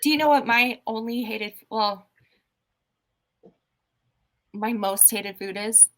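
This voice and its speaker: A woman with a fairly high voice hosts a casual podcast. She talks in an animated, exclamatory way. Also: slow. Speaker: podcast host. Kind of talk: casual chat.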